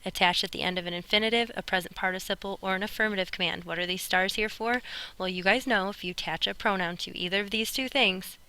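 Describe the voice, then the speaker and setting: A woman's voice: fairly low pitch, sharp tone, smooth, low-quality recording. A woman teaching a recorded Spanish grammar lesson, chatty and upbeat, speaking straight to her students. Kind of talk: recorded classroom lesson narration.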